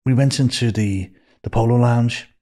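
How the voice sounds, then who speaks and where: An older man with a Liverpool accent, telling rambling, animated anecdotes as a podcast guest. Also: mid-range voice, moderate pace. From Liverpool, England. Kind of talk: casual storytelling.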